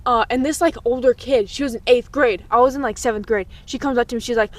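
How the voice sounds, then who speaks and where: Candid young woman, higher voice. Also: fast talker, hardly any pauses. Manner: candid, swears freely. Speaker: podcast co-host. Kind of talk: casual storytelling chat.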